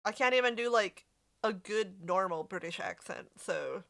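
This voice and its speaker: Bright-voiced woman streamer chatting. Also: medium pitch, expressive, moderate pace, vocal fry. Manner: chatty, swears freely, talks to chat. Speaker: game streamer. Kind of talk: casual live-stream chat.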